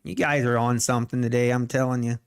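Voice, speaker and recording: A man's voice: mid-range voice, level tone, smooth. A man hosting a casual trading livestream, rambling and correcting himself, then playfully defending his speech to chat. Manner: slow, rambling, self-correcting.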